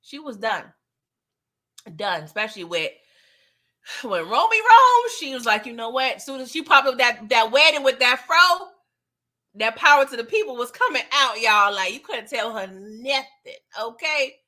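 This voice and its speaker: Woman, recap host, casual, laughs a lot, slightly high voice. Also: moderate pace. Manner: animated, laughs often, acts out scenes. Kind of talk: casual chat.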